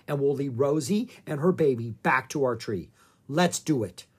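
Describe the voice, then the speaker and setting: A reader voicing a brave, excitable young girl in a children's audiobook, with urgent, high-pitched cries. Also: moderate pace, slightly rough. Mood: determined. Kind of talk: audiobook character voice.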